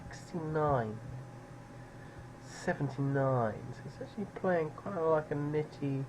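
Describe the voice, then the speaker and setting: A man's voice: on the high side, lively intonation, unhurried, background noise. A man streaming live poker, musing over players in a dry, sardonic way.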